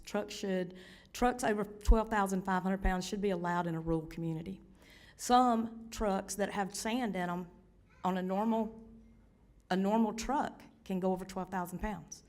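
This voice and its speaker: A woman whose voice is still worn from losing it recently speaks at a zoning hearing. Her comment is forceful and indignant, pressing her complaints hard. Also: mid-range voice, moderate pace. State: recovering from a lost voice. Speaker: public commenter.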